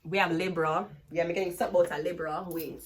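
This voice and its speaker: A woman's voice: fairly low pitch, steady tone, fast, noisy background. A woman with a Jamaican accent giving a casual tarot reading. She is blunt and profane, laughs often, and drifts into patois-heavy stories. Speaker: tarot reader.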